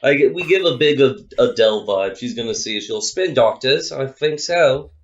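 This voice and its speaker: A man co-hosting a comedy podcast, musing slowly in casual chat. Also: medium pitch, expressive, muffled recording. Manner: slow, musing, gravelly.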